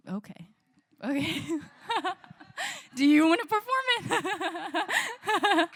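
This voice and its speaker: Chatty woman musician talking to a crowd. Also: lowish voice. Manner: chatty and warm, laughs often, many "like" and "um" fillers. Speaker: singer-songwriter. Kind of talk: casual talk to a live audience between songs. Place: small indoor live music session.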